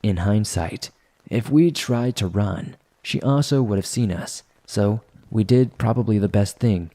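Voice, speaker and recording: A man with a lowish voice reads aloud a scripted first-person horror story, narrating in a steady, measured storytelling manner.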